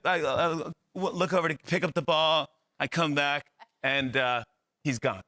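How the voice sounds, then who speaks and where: A middle-aged man appears as a guest on a talk show, telling a funny anecdote and doing the voices of the people in it. His voice sits on the high side and moves at a moderate pace, with the animated delivery of a storyteller acting out each character.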